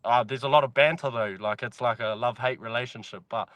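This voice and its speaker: A man's voice: medium pitch, steady tone, quick pace, fairly bright tone, no echo. A man from New Zealand with a New Zealand accent, chatting casually as a podcast guest, laid-back and swearing freely. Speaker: podcast guest, mine worker. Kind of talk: casual chat.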